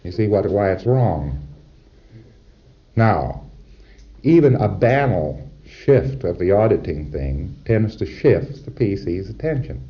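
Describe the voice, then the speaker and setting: Speaking slowly in a sing-song manner, a man with a deep voice lectures emphatically and rhetorically, often turning to his audience to check in. The audio is dull and lo-fi, much like a lecture tape from the 1960s.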